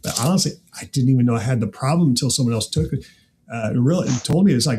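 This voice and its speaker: A man's voice: mid-range voice, fast talker, slight background noise. Laughing Midwestern-raised man hosting a chat. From American Midwest. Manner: animated, laughs often, rhetorical asides. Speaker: podcast host. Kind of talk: casual chat.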